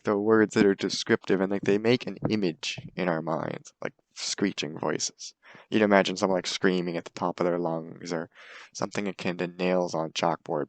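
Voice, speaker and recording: A man's voice: low-pitched, creaky, no room sound. A young man giving a casual, hesitant class presentation full of fillers. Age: young adult. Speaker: student presenter.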